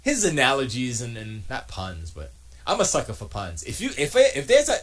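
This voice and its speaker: A man rants casually from his home studio, his voice at a middle pitch but swinging widely up and down. He restarts his sentences often and drops mocking asides as he goes. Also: huge pitch swings, moderate pace. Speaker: streamer and podcast host. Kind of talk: casual rambling commentary.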